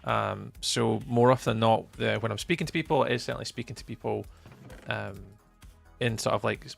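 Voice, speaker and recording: A man's voice: on the low side, fairly quick, vocal fry, soft background music. A man with a mild Scottish accent, a game streamer chatting casually and replying to his viewers' chat messages. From Scotland.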